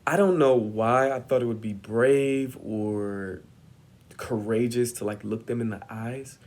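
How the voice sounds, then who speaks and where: A man's voice: mid-range voice, measured pace, darkish tone. A young man telling a personal story in a vlog, acting out the voices of the people he quotes with lots of energy. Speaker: vlogger.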